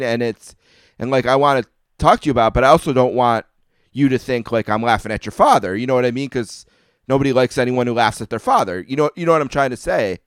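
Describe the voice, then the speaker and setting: A man's voice: mid-range voice, clear, resonant tone, no echo, studio quality. A man hosting a podcast interview, talking casually in long rambling, self-interrupting questions. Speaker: podcast host.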